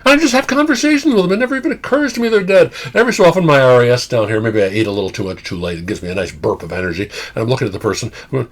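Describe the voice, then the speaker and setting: A man giving an informal psychology lecture, animated, with wry asides and frequent "okay?" check-ins. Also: medium pitch, very fast.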